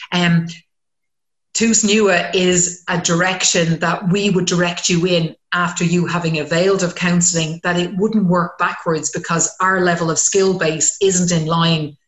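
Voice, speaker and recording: Frank woman who swears when excited. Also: fairly low pitch, normal speed, roomy sound. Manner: frank and animated, swears freely. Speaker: community centre counsellor. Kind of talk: casual chat.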